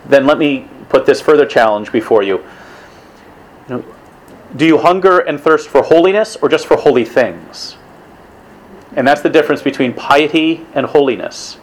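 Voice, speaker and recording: A man's voice: on the high side, animated, normal speed, pauses often, low-quality recording. A man giving a conversational religious talk to a weekly evening group, casual in tone, with restarts and asides.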